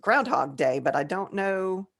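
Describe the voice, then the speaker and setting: Low-voiced woman podcast co-host. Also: expressive. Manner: joking, reads definitions aloud slowly. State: tipsy, slurring slightly. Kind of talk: casual chat.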